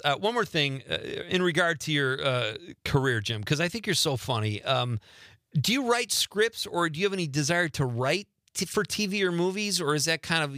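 A man hosting a radio talk show, chatty and quick to laugh, on a studio mic. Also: a little high, bright, forceful tone, dry recording. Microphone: studio microphone.

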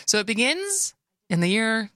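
Bright-voiced chatty Wisconsin woman host. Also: a little high, big pitch swings, normal speed, no echo, clean studio sound. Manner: chatty, laughs easily, restarts often. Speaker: radio talk show co-host. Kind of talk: casual radio chat. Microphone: studio microphone.

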